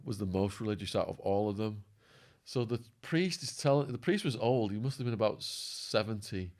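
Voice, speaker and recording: Male guest, low-ish voice, lively hoarse storytelling, acts out the quotes. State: voice going hoarse. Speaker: podcast guest. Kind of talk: storytelling interview.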